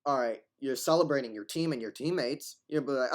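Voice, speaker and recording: A man's voice: medium pitch, fairly quick, few pauses. Rambling man arguing in commentary. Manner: rambling, repeats and restarts words, argumentative. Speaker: commentator reacting to a video.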